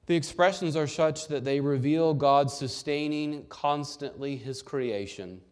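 A man's voice: mid-range voice, darkish tone. A man preaching a sermon, teaching with emphatic rhetorical questions.

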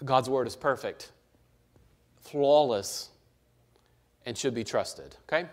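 A male pastor preaching a sermon, emphatic, with rhetorical questions and shifts between soft and loud passages. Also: medium pitch, slow pace.

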